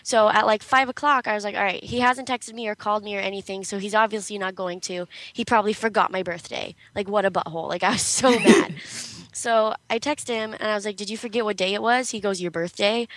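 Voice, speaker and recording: A woman's voice: medium pitch, steady tone, fast talker, hardly any pauses, fairly bright tone, no room sound, poor audio. A young woman co-hosting a casual talk show, telling a story in a chatty way with many fillers. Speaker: co-host. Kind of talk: casual chat.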